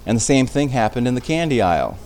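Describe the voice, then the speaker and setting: A man's voice: medium pitch, sing-song, fast talker, darkish tone, slight background noise. A man teaching an informal Bible study in a conversational way, often restarting phrases and checking in with his listeners. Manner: conversational, with frequent restarts and tag questions.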